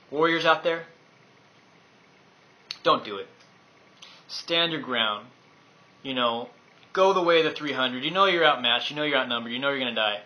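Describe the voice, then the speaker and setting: A man's voice: mid-range voice, measured pace, pauses often, pushed and bright, lo-fi sound. A man giving a casual, enthusiastic gameplay overview, rambling with many fillers. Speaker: game guide presenter.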